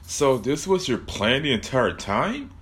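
Guy doing a scared young girl, begging, kinda slow. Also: mid-range voice, big pitch swings, fairly bright tone. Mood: relieved. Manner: pleading, panicky. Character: scared young woman, last survivor.

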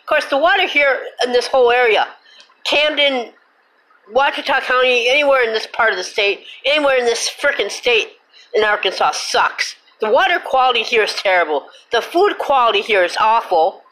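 A woman with a fairly high voice hosts her own show and lets loose an angry rant. She hammers her complaints over and over with emphatic repetition and slips into cussing, then apologizes for it. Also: lively intonation, normal speed, a bit bright, poor audio. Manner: indignant, cusses and then apologizes.

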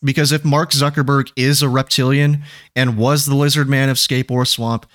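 A man's voice: medium pitch, fairly bright tone. A man co-hosting a podcast in casual chat, joking and swearing casually. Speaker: podcast co-host.

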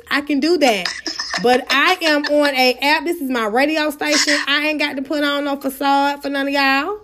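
High-voiced, blunt slangy woman host. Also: fairly even intonation, moderate pace, a bit bright. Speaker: host of an app radio show. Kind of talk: casual live-audio chat.

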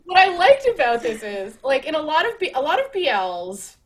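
A woman's voice: high-pitched, very animated, moderate pace, low-quality recording. A young woman hosting a podcast, chatting casually and animatedly, laughing and swearing as she acts out quotes. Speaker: podcast host. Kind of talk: casual chat.

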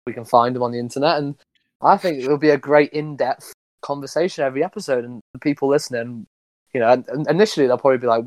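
A man's voice: medium pitch, fast, no room sound. A young man bantering on a casual podcast, teasing and upbeat. His voice sounds close and dry, with no room around it. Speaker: podcast co-host. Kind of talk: casual chat.

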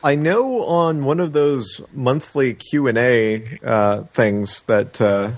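A man's voice: mid-range voice, takes it slowly. A man co-hosting a casual podcast, talking things through at length and full of opinions. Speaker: podcast co-host. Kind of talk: casual chat.

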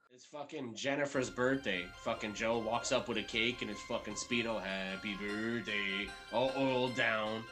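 A man's voice: medium pitch, steady tone, normal speed, hardly any pauses, over music. A man co-hosting a casual movie podcast, laid-back and amused, cursing freely. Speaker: podcast co-host. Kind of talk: casual movie recap chat.

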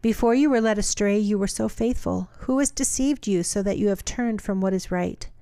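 A woman co-hosting a talk podcast, moving between easy chat and reading scripture aloud. Her voice sits at a middle pitch. The sound is dry and close, with no room echo. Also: normal speed, warm tone, smooth. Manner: reads aloud steadily, laughs easily. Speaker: podcast co-host.

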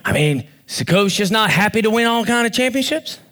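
A man preaching a sermon as pastor, animated and often shouting, with bursts of fast talk. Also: high voice. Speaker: pastor and youth football coach.

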